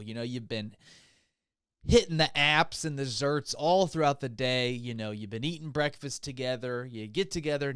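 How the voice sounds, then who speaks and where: A man's voice: mid-range voice, smooth, no echo, clean studio sound. A man hosting a comedy podcast, rambling through a hyped, mock-enthusiastic monologue. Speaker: podcast host.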